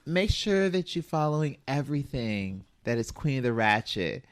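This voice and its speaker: Animated, expressive male podcast host. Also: medium pitch, moderate pace, clear, resonant tone. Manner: animated, expressive, swears casually. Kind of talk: casual conversational chat.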